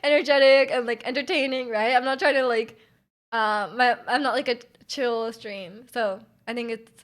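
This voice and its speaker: A woman streamer chatting casually with her viewers, loud and energetic, full of fillers, her volume jumping around. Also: on the high side, moderate pace. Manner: chatty, many fillers, reads chat aloud. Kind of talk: casual live-stream chat.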